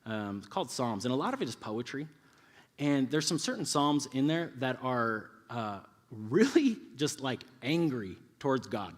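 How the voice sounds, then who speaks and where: A man's voice: mid-range voice, sing-song, moderate pace. A man in his thirties preaching a casual, conversational sermon, acting out quoted voices as he goes. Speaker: youth pastor. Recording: live hall reverb.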